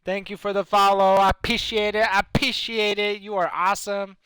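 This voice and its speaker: A man streaming a game live, chatting casually and reacting excitedly and jokingly to the other players. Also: high-pitched, brisk, smooth, no room sound, studio quality. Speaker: gaming streamer.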